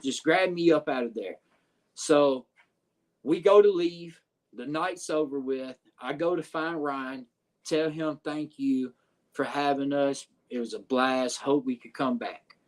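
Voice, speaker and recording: A man, a podcast guest telling a story in a profane, animated way with lots of filler phrases. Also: mid-range voice, unhurried. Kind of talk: casual storytelling.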